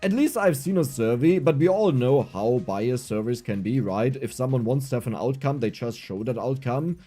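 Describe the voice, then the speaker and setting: A young man with a German accent chats on a livestream in a lively, rambling way, his pitch rising and falling a lot. His voice has a mellow, darker tone, and soft game music plays faintly underneath. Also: normal speed. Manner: animated, rambling, frequent restarts. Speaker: streamer. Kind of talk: casual livestream chat while gaming.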